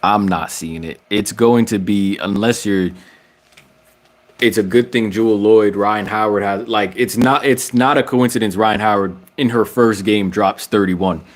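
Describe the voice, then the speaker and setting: A man's voice: lowish voice, unhurried. A man giving his casual opinions on basketball in a vlog, slangy and full of restarts, his voice climbing when he gets worked up. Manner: slangy, frequent restarts, rising when excited. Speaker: basketball commentator vlogger.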